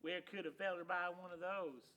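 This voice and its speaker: A man's voice: high-pitched, steady tone, moderate pace, bright, forceful tone. A man reading a storybook aloud and voicing a smug, lazy male barn cat with a sly, teasing drawl. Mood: mocking.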